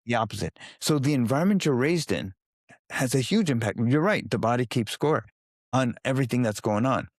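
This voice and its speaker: A man, a guest on an interview podcast, explaining his work with lively storytelling and acting out what people say. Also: mid-range voice, brisk, dry recording, studio quality. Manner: animated storytelling, acting out quoted voices.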